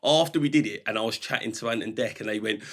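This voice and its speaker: A man in his thirties chatting casually as a guest, telling lively stories, laughing often and acting out his own reactions. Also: fairly low pitch, quick pace. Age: 30s. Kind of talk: casual chat.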